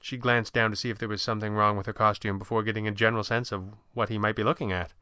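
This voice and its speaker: A man narrating an audiobook in an even, unhurried storytelling manner. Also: lowish voice, smooth, no room sound, studio quality. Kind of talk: scripted narration.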